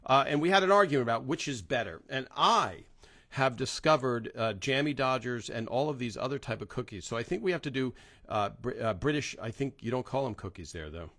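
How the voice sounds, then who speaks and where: A man's voice: mid-range voice, lively intonation, moderate pace, a bit bright, no echo. A middle-aged man from New Jersey hosting a casual livestream, greeting viewers one by one with many fillers. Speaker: host.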